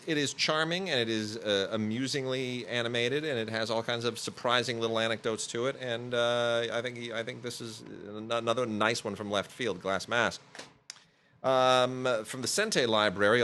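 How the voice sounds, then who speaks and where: A man's voice: medium pitch, pushed and bright, a little hiss or hum. A man hosting a podcast, chatting casually through home video reviews with plenty of fillers and restarts. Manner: rambling, many fillers and restarts.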